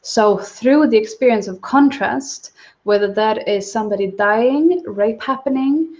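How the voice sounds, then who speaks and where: A woman giving a livestreamed spiritual teaching talk, soft-spoken and calm. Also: on the high side, a little slow. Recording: dull lo-fi livestream audio.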